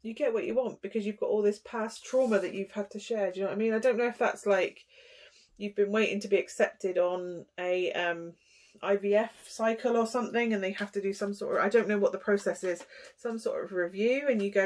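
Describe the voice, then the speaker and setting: A woman's voice: mid-range voice, steady tone, fairly quick, darkish tone. A young woman hosting a casual tarot reading, chatty and giggly, rambling with lots of fillers. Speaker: tarot reader.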